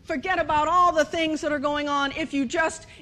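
A woman giving a humorous sermon, animated and storytelling, acting out bits of dialogue and laughing often. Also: high voice, moderate pace. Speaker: speaker at a church service.

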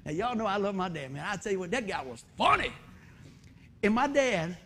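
A man preaching a sermon, telling stories in a folksy, animated way and acting out the dialogue. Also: sits high, brisk, slightly rough. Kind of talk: sermon with storytelling.

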